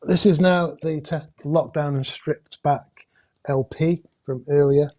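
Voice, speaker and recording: A man hosting a casual live-stream raffle draw from indoors, talking in a chatty, halting way with many hesitations and jokey asides. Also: a little high, fairly even intonation, darkish tone. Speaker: host drawing raffle prizes. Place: indoors at home with a camera crew.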